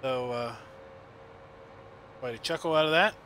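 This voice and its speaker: A man's voice: mid-range voice, unhurried, noisy background. A man casually chatting and telling stories while streaming a farming game, rambling with lots of fillers. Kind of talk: casual gameplay chat and storytelling.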